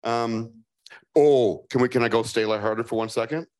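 Speaking at a moderate pace in a mid-range voice, a Chicago-accented man answers questions from the audience at a live fireside chat. He's playful and lively, performing the voices he quotes.

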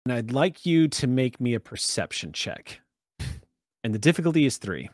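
A man's voice: medium pitch, very animated, moderate pace, darkish tone, no room sound, studio quality. A man narrating a tabletop game as game master, descriptive and conversational.

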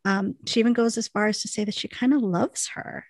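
A woman with a gravelly, fry-laden voice chats through a TV recap for a podcast. She keeps it loose, laughing often and filling her sentences with "like." The recording is dry and close, with no room sound. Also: mid-range voice, fairly even intonation, fairly quick, dry recording. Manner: chatty, laughs often, peppers speech with "like". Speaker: podcast co-host recapping a TV episode. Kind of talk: casual chat.

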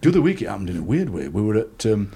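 Husky-voiced Yorkshire man telling funny stories. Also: lowish voice, very animated, rapid-fire, warm tone. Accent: South Yorkshire. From South Yorkshire, England. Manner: chatty storyteller, laughing often, acting out voices in anecdotes. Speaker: poet and radio presenter, guest. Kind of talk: casual anecdotal interview chat.

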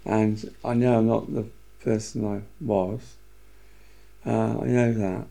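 A man's voice: lowish voice, takes it slowly, gravelly. An older Englishman telling chatty stories in a casual interview, his words slurred from medication. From England. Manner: lively, chatty storyteller. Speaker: interviewee, former cinema manager. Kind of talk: casual anecdotal storytelling.

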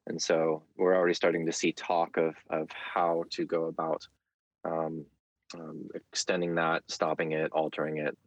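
Very deep-voiced man, dry sound. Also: completely flat delivery, normal speed, dry recording. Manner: thoughtful, frequent fillers and restarts. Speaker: guest. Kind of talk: conversational interview.

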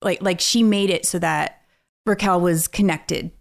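A woman co-hosting a podcast in casual chat, gossiping excitedly and laughing often. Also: on the low side, measured pace, creaky. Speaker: podcast co-host.

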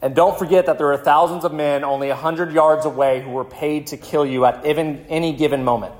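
A male pastor telling a vivid story in a sermon, slowing down for dramatic moments. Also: on the high side, steady tone. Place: church.

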